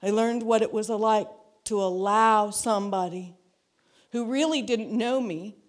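A woman's voice: medium pitch, a little slow. A woman giving a personal testimony to a church, earnest and reflective, repeating phrases for emphasis. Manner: acts out quoted dialogue in her story.

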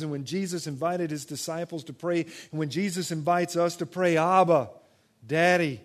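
High-voiced man preaching conversationally. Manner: conversational preaching, swings from loud emphatic to soft and quiet. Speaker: pastor. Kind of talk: sermon.

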